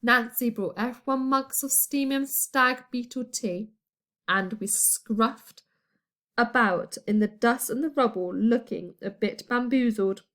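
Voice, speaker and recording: A woman reading a children's storybook aloud in a playful, expressive way. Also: on the high side, measured pace. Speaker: audiobook reader. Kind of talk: storybook narration.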